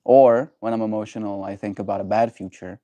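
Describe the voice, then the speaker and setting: A man hosting a livestream, chatting with viewers and musing slowly and gently about emotions. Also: lowish voice, steady tone, no room sound. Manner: gentle, musing, thoughtful pauses. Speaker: livestream host. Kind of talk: reflective livestream chat.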